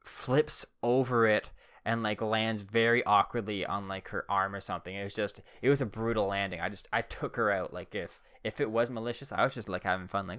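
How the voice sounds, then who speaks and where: A man's voice: fairly low pitch, fairly even intonation, fairly quick, fairly bright tone, smooth, no echo, clean studio sound. A young man telling childhood stories in a rambling, casual way, full of "like" and "uh". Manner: rambling, heavy use of "like" and "uh".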